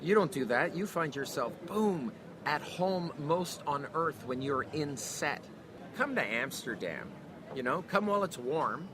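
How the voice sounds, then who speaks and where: A man co-hosting a podcast in animated casual chat outdoors, repeating phrases for emphasis. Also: a little high, unhurried. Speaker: podcast co-host. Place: busy city street outdoors. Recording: outdoor street crowd noise. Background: passing crowd and traffic.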